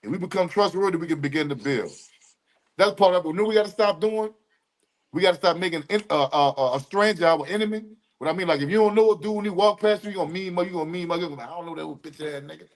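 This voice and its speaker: A man co-hosting a casual livestream podcast, talking in loose street slang with drawn-out emphatic asides. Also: sits high. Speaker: podcast co-host.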